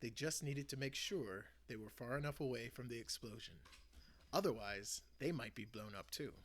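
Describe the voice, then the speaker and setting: A man hosting his channel, reading a children's book aloud with an expressive delivery. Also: mid-range voice, moderate pace. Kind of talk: storybook read-aloud.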